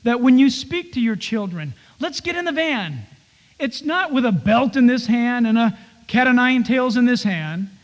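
A man's voice: extremely high pitch, lively intonation, moderate pace, in a large hall, poor audio. A man preaching a conversational sermon as a pastor, slipping into playful acted-out asides.

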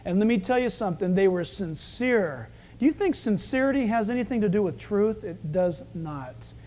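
A man preaching a sermon, animated, acting out the scenes he tells. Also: high-pitched, moderate pace. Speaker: pastor.

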